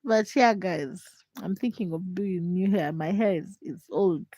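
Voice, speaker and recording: A young woman who is sick with a hoarse, froggy voice and a stuffed nose, chatting casually and teasingly with viewers on a late-night livestream from home. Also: unhurried, mellow, no echo. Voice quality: deep, froggy voice. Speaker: livestream host.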